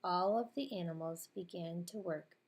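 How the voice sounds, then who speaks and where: A woman narrating a children's storybook in a clear, expressive read-aloud manner. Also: on the low side, moderate pace, a little hiss or hum.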